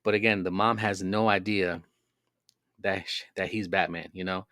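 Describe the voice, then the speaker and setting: Podcast host, male, low register, loose rambling delivery, dry close mic. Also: fairly even intonation, moderate pace, a bit bright, no room sound. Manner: rambling, filler-heavy storytelling. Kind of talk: casual monologue.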